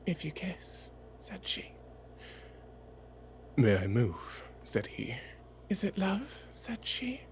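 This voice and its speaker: A player in a soft ASMR tabletop game, reading a poem slowly and expressively and whispering some of the lines. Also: mid-range voice, a little hiss or hum.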